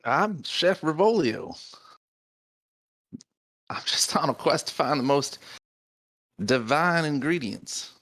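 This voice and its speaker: A man's voice: fairly high pitch, animated, takes it slowly, long pauses, a bit bright, no echo, clean studio sound, heavily acted. A man voicing a grandiose adventuring chef in a theatrical, showy manner.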